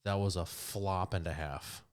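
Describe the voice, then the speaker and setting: Male co-host, very low voice, blunt and profane, steers a casual film discussion. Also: steady tone, a little slow. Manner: blunt, swears freely, leads the discussion. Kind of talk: casual movie review chat.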